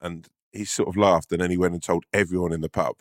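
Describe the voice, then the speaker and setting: A man's voice: low-pitched, steady tone, fast, dry recording, studio quality. A man co-hosting a casual podcast chat, telling stories with plenty of swearing and laughter. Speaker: podcast co-host.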